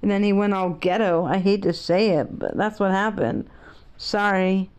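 A woman's voice: medium pitch, normal speed, darkish tone, clean tone. Outspoken middle-aged woman, rambling. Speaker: vlogger. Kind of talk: casual monologue.

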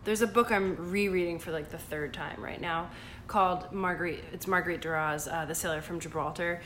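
A woman's voice: lowish voice, fairly even intonation, brisk, fairly bright tone, slight background noise. A woman co-hosting a podcast in casual chat, a little drunk, gushing and rambling. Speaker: podcast co-host, magazine editor.

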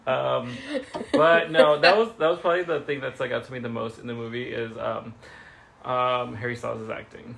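Rich: A man with a gravelly, creaky voice at middle pitch co-hosts a laid-back podcast chat. He talks hesitantly and often stalls on fillers as he gives his opinions. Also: fairly even intonation, moderate pace, a bit bright, slight background noise. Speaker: podcast co-host. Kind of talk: casual chat.

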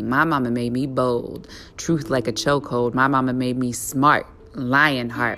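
Low-voiced Southern woman performing spoken word. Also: steady tone, measured pace, hardly any pauses, music in the background. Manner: rhythmic, defiant, rising to forceful peaks.

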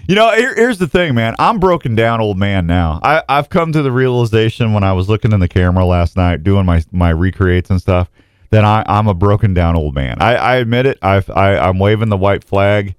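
A man's voice: lowish voice, a little fast, clean tone, no room sound, studio quality. A middle-aged man hosting a casual morning radio show, rambling and self-mocking with lots of restarts and jokes. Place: radio station studio.

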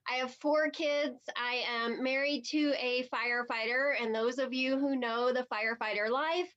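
A chatty, excited woman from New Jersey, talking casually as a network marketing coach on a video call. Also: sits high, moderate pace. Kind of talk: casual webinar chat. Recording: dull lo-fi video call audio.

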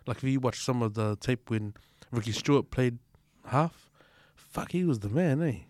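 A man's voice: mid-range voice, lively intonation, normal speed, darkish tone, no echo, studio quality. A man with a New Zealand accent in casual podcast chat, slangy, swearing and tagging lines with "eh". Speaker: podcast panelist.

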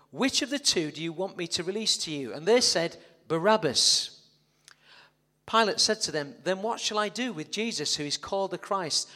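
Preaching in an echoing church hall, this man speaks with a fairly high, bright and forceful tone. He spins the story with drama and cracks jokes at the congregation along the way.

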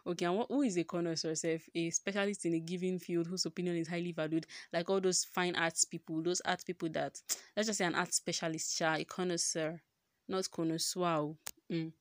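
Chatty young Nigerian woman, low voice. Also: steady tone, a little fast, dry recording, clean studio sound. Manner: chatty, joking, rhetorical questions. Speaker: podcast host. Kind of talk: casual solo podcast chat.

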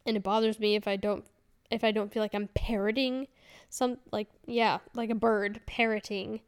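A woman in her thirties speaks at normal speed in a clear, resonant mid-range voice with level tone, hosting a solo podcast. Her chatty, candid rambling is peppered with fillers and self-corrections.

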